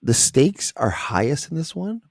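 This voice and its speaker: A man co-hosting a podcast, giving his film opinions in quick, animated casual chat. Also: a little high, gravelly, dry recording, clean studio sound. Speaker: podcast co-host.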